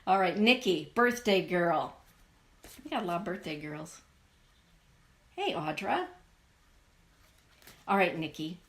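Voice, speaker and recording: A woman's voice: lowish voice, sing-song, slow, pauses often, fairly bright tone. A woman hosting a live spiritual show, greeting viewers by name and giving affirming card readings.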